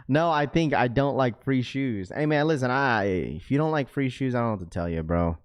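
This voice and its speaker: Animated and fairly quick, barely pausing, a young livestream host reads his viewers' comments out loud and banters back in slang. Getting worked up sends his voice climbing loud and high.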